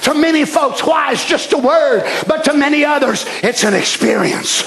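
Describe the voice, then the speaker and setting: A man preaching a fervent evening sermon in church, shouting passages and then dropping to quiet asides. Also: very high voice, lively intonation, moderate pace, vocal fry, hardly any pauses, crowd noise. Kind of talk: impassioned sermon. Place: church sanctuary. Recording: echoey church hall.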